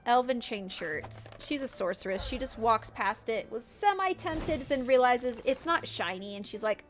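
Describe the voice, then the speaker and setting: A woman's voice: a little high, lively intonation, normal speed, hardly any pauses. A woman streamer giving casual, playful gameplay commentary, often giggling as she narrates her characters' antics.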